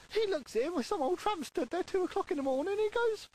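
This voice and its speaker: A man's voice: very high-pitched, expressive, brisk, few pauses, a little mellow, poor audio. A man with a Scottish accent telling jokes on a radio phone-in, cheerfully laughing at his own punchlines. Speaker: joke-telling caller.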